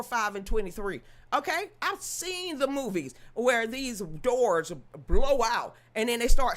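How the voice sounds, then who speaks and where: Animated woman hosting a casual livestream. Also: on the high side. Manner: animated, joking, laughing asides. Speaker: livestream host.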